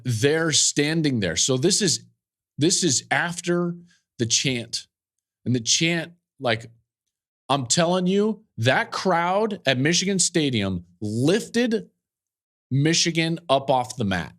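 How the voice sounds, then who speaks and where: A man in his forties hosting a sports podcast, telling a game story with animated, emphatic energy and frequent restarts. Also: on the high side, takes it slowly. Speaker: podcast host and football analyst. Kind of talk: casual sports podcast talk.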